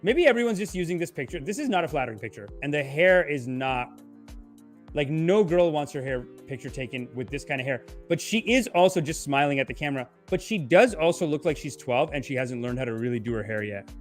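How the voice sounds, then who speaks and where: A man's voice: on the high side, expressive, a little fast, soft background music. A man hosting a podcast, giving casual, irreverent commentary with mocking, rambling asides while reading news aloud. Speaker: podcast host.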